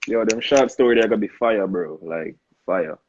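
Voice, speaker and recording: Young Jamaican male host, husky, loose patois banter over a lo-fi live stream. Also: fairly low pitch, moderate pace. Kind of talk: casual live-stream interview.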